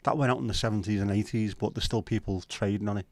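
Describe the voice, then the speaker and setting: A man's voice: on the low side, steady tone, fast talker, darkish tone, dry recording. Blunt, sweary Scouse man chatting. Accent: Liverpool. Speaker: livestream host. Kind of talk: casual chat reading viewer comments.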